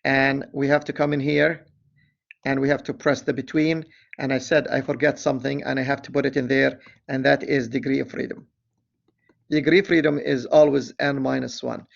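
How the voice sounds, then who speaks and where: Gravelly-voiced man teaching statistics. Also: mid-range voice, flat delivery, muffled recording. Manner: deliberate, reads problem aloud, self-correcting asides. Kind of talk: screen-recorded lecture walkthrough.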